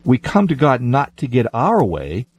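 A man who is a pastor, talking in a measured, emphatic way in a religious discussion. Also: mid-range voice, huge pitch swings, darkish tone, husky, no room sound, lo-fi sound.

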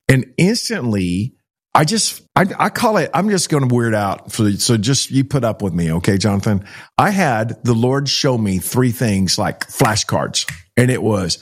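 Animated man telling stories. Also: mid-range voice, unhurried, husky. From Texas. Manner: animated storyteller, acts out quoted dialogue. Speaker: child rescue organization founder. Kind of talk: storytelling in an interview.

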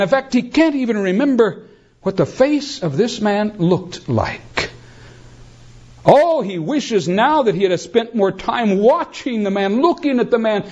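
A man preaching a sermon as a pastor, addressing the congregation as beloved in an animated preaching manner. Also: sits high, muffled recording.

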